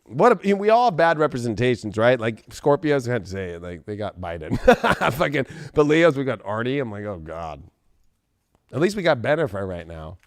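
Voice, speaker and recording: A man giving a casual tarot reading, profane and joking, bursting into shouts and silly voices. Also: mid-range voice, very animated, normal speed, no room sound, studio quality. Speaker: tarot reader.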